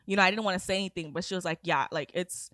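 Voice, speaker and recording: A woman in her twenties co-hosting a podcast in casual chat, expressive and quick to laugh, with frequent backchannels. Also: on the low side, no room sound, clean studio sound. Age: 20s. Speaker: podcast co-host.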